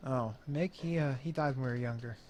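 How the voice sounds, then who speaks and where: A man's voice: medium pitch, a little fast, a little mellow, natural voice. A man voicing a touchy, blustery nightclub owner who gets defensive when his family comes up. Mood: chatty.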